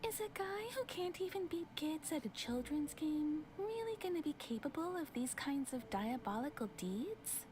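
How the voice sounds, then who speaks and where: A woman voicing a gentle, soft-spoken young townswoman with a soft, slightly squeaky, near-whispered voice who tells stories patiently. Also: expressive, moderate pace, hardly any pauses.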